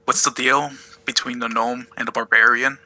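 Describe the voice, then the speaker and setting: A man playing a tabletop game, casual, easily flustered and quick to swear. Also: medium pitch, flat delivery, sharp tone, poor audio. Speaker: player.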